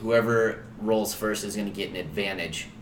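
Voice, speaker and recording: A man's voice: lowish voice, steady tone, normal speed, a loud crowd. A man narrating as game master in a loose, filler-heavy, chuckling way. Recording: echoey room.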